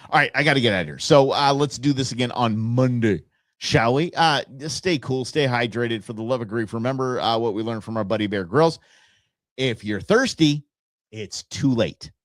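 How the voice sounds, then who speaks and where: A man's voice: mid-range voice, dry recording, studio quality. A man hosting his own show, talking casually and enthusiastically, rambling through stories and restarting his sentences. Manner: rambling, enthusiastic, self-interrupting. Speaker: show host. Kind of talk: casual solo podcast talk.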